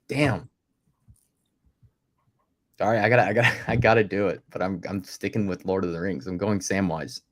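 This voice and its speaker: A man in casual movie-podcast chat, enthusiastic and quick to laugh. His voice sits fairly low, and he often stalls on fillers before getting his point out. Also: a bit bright. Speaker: podcast co-host.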